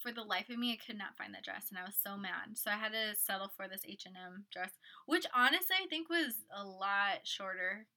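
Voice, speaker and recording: A young woman telling a story in casual chat, animated and acting out quotes. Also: medium pitch, fairly quick, hardly any pauses. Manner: animated storytelling, acts out quotes, laughs often.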